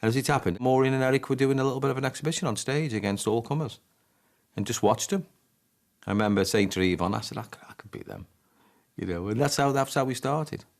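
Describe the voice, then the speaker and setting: A man's voice: medium pitch, fast talker. A man recalling his darts career in a casual interview, acting out remembered conversations. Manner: storytelling, acts out quoted dialogue.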